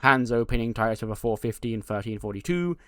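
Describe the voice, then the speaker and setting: A man giving casual let's-play commentary, relaxed as he recaps match results. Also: medium pitch, fast, no echo, clean studio sound. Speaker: game commentator.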